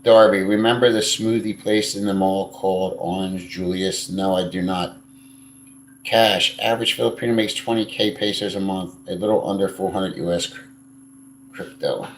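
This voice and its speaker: A man's voice: low-pitched, fairly even intonation, moderate pace, a little hiss or hum. A man hosting a casual live stream, answering viewer comments in a blunt, crude and rambling way, swearing freely. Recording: echoey room.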